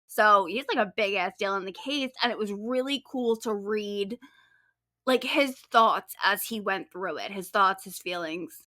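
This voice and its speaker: Co-hosting a true-crime podcast and having written the case herself, this woman walks through it in a cheerful, conversational style with offhand swearing. She speaks unhurriedly at medium pitch, her tone pushed and bright, on a dry, clean studio recording.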